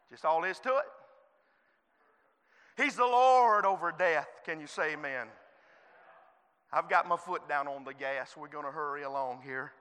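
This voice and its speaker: High bright-voiced man preaching. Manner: fervent, swings from soft to shouted. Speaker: guest preacher. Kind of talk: sermon. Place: church sanctuary. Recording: reverberant church hall.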